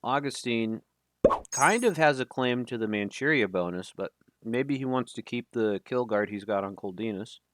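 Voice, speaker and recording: A man's voice: mid-range voice, moderate pace. Man casting a live game stream. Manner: casual, chatty, stumbles over names. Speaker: tournament caster. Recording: loud background noise.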